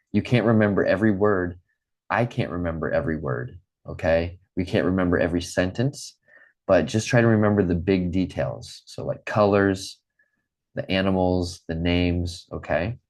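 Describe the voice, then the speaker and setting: A man with a very low voice leads a live online English lesson. He grew up in the Midwest and talks slowly and plainly, repeating himself and checking in with his students. He is heard through a computer mic on a video call. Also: a little mellow. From Midwest United States. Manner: slow, clear, repeats and checks with okay.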